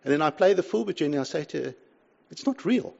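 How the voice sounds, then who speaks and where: An older man preaching a sermon, swinging between loud pleas and hushed asides. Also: a little high, racing, vocal fry, dull audio. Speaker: pastor.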